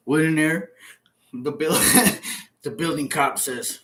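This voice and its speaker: A man in his fifties, formerly imprisoned, talks casually about his life in a slightly high, somewhat bright voice, drawing out his words and leaving long pauses. He curses, repeats himself, and enacts scenes with sound effects.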